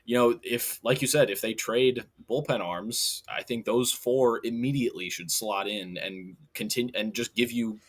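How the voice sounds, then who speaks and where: A young man co-hosting a casual sports podcast, relaxed and quick to laugh, picking up viewers' chat comments. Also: medium pitch. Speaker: podcast co-host.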